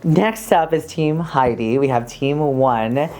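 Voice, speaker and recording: A man's voice: mid-range voice, slow, darkish tone. A man hosting a casual recap chat as a drag queen, gossipy and blunt, swearing freely and laughing often. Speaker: drag queen podcast host.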